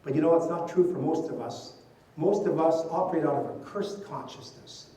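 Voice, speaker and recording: Older priest preaching in an echoey hall. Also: male voice, on the high side, normal speed, warm tone, a little hiss or hum. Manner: conversational, storytelling, frequent "you know" asides. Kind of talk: conference talk with stories. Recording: distant mic in an echoey hall.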